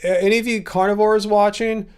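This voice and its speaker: A man's voice: sits high, little pitch movement, brisk, darkish tone, clear, resonant tone. A man in his fifties hosting a casual livestream. He chats in a rambling way, reads viewer comments aloud and thanks viewers by name. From California. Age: 50s. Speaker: livestream host.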